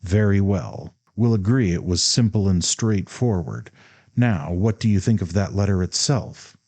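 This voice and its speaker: A man's voice: sits low, a little slow, darkish tone. A man voicing a proud, hot-tempered young man who speaks sharply, coldly and emphatically. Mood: bitter cold.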